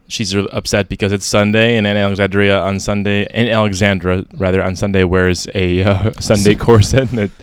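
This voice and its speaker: Low-voiced man in casual book chat. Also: little pitch movement, normal speed, hardly any pauses, smooth, dry recording. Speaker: podcast co-host.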